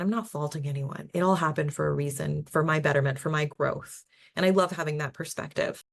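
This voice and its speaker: A young woman with a low voice talks through her own experiences in a casual podcast chat. She sounds earnest and chatty, laughs easily, and often breaks off to restart a sentence. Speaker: podcast host. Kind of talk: casual personal storytelling.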